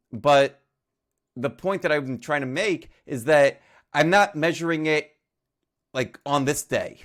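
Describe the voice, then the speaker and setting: Man, trading teacher, casual livestream, mid-pitched voice, homely analogies, plenty of "uh"s. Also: fairly bright tone. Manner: talks through charts with homely analogies and frequent fillers. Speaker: trading educator presenting a chart session.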